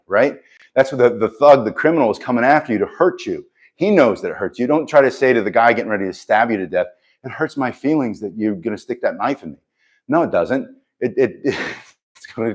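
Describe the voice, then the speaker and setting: A middle-aged man, a self-defense instructor, talking casually and earnestly to camera with a motivational push, chuckling now and then and restarting his sentences. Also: mid-range voice. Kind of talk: casual direct-to-camera talk.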